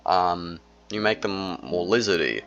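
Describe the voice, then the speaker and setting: A man's voice: low-pitched, lively intonation, unhurried, a bit bright, faint music behind. A young man in a casual, rambling monologue, full of fillers and slang. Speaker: solo video creator. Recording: dull lo-fi recording.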